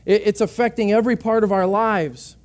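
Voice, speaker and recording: A man's voice: high voice, fairly quick, darkish tone. A male pastor preaching a sermon earnestly, often repeating words as he restarts.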